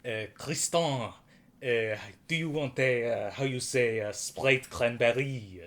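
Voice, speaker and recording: A man doing a put-on, stereotypical French accent as a film actress, hammy and slow. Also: mid-range voice, fairly bright tone.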